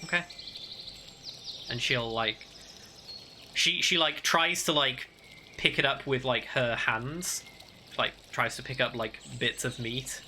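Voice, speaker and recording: Man, game master, bright ringing voice, rambling narration, casual, faint background hiss. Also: medium pitch, slow pace, pauses often. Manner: rambling, full of "like" fillers.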